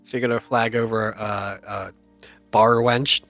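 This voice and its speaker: A man narrating as game master for a tabletop game, relaxed and often chuckling, with lots of fillers. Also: on the low side, a little slow, soft background music.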